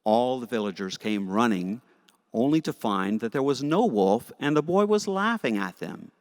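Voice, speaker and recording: A man teaching Sunday school, telling a story to children in a playful, animated, jokey way, in a church with long reverb. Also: mid-range voice, normal speed. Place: church sanctuary.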